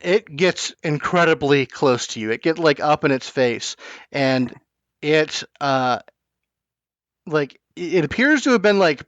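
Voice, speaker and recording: A man running a tabletop game as game master, narrating in halting bursts with many restarts. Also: a little high, a bit bright, dry recording. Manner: halting, full of restarts and fillers. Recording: dull lo-fi online call audio.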